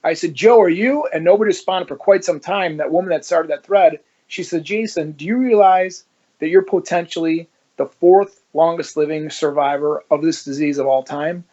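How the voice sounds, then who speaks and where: A man's voice: on the high side, moderate pace, highs cut off. A man who is a former police officer, telling his story in an interview and acting out the dialogue as he goes. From Ohio, United States. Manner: animated storyteller who acts out quoted dialogue.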